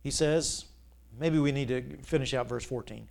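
A man preaching a sermon as pastor, asking rhetorical questions and repeating key lines, his voice rising to loud peaks and dropping low. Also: moderate pace, vocal fry. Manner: big swings between loud peaks and quiet drops.

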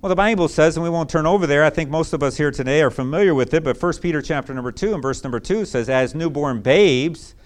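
Emphatic, clear-voiced male pastor preaching. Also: a little high, racing, few pauses. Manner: emphatic, repetitive, folksy. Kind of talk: sermon.

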